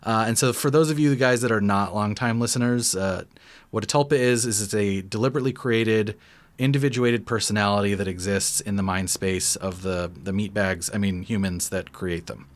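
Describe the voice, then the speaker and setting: Man, young adult, somewhat low voice, casual podcast co-host, rambling, self-deprecating. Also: moderate pace.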